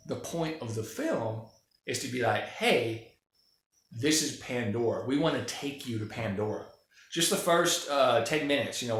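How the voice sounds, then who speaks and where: A man's voice: mid-range voice, fairly bright tone. A man giving an opinionated, rambling, profane casual monologue about films. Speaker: film commentator. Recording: very echoey room.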